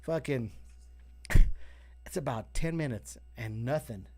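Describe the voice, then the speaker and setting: A man's voice: medium pitch, takes it slowly. A man co-hosting a casual show, telling a long, profane story and acting out the voices of the people in it. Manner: profane, animated, acts out voices in his stories. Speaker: co-host. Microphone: video call.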